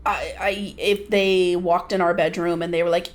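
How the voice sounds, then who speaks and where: A woman's voice: fairly low pitch, steady tone, normal speed. A woman in her forties, a podcast guest, telling candid stories in a blunt, laughing way. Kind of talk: candid casual chat.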